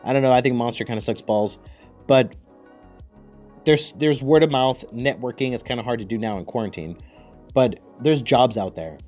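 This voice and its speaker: A man's voice: mid-range voice, normal speed, darkish tone, soft background music. Profane joking man. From United States. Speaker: podcast host. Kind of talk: casual chat.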